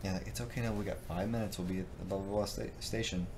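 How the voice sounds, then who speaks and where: A man's voice: sits low, steady tone, fast, noisy background. A man co-hosting a gaming livestream, telling a rambling, profanity-laced story in casual chat.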